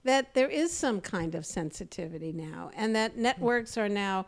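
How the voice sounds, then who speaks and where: A woman hosting a podcast interview in casual chat, animated and jokey, acting out quoted bits. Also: mid-range voice, moderate pace. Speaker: podcast host.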